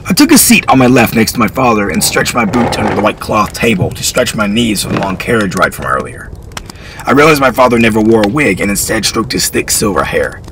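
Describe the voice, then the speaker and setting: A man reading historical fiction aloud in an expressive storytelling style. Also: fairly low pitch, brisk, a little hiss or hum, rough recording.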